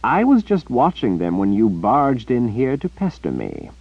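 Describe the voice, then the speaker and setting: A man's voice: mid-range voice, wildly swooping pitch, measured pace, no room sound, pitched above the performer's own voice, exaggerated voice. An arrogant, theatrical sorcerer, as a male narrator puts him on in a raised, drawling voice that swings between lofty and sneering. The recording is dry and somewhat muffled. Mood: haughty. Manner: drawling, haughty, dismissive.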